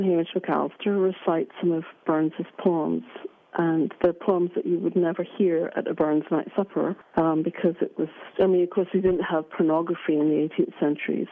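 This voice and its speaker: A woman speaks as a guest in a radio interview, thoughtful and unhurried, with frequent pauses. Her voice sits a little low for a woman. The sound is narrow and tinny, like a phone line. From Scotland. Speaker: interview guest, drag king performer.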